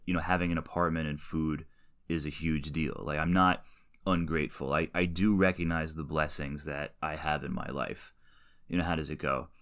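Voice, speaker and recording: A man's voice: low voice, a bit bright. A man in his late twenties, a podcast host rambling through a casual, self-deprecating solo monologue full of tangents.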